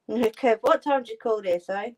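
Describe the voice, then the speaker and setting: A woman's voice: fairly high pitch, moderate pace. A woman hosting a craft live stream, chatting casually and answering her viewers' comments.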